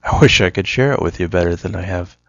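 A man's voice: sits low, fast, vocal fry, fairly bright tone, no room sound, lo-fi sound. A man telling a joke and musing in a casual, rambling monologue, often correcting himself.

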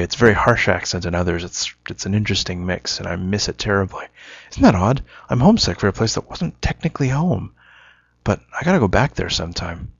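A man's voice: low-pitched, no room sound, dull audio. A man telling a joke and musing in a casual, rambling monologue, often correcting himself.

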